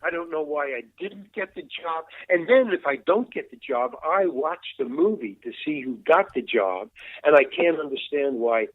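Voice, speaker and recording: A man's voice: on the high side, expressive, moderate pace, no echo. Older male guest, storyteller, restarts often, voices the other people in his tales; thin phone-quality audio. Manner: rambling, restarts, acts out quoted dialogue. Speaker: interview guest, veteran actor. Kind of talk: casual anecdote telling. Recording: tinny phone-like line, dry.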